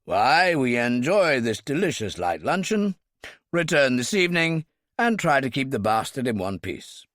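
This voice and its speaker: A man's voice: medium pitch, sing-song, a little slow, fairly bright tone, dry recording, pitched above the performer's own voice. A man doing a dry, commanding old brigadier. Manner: clipped, wry, authoritative. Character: gruff elderly British brigadier, dry and commanding.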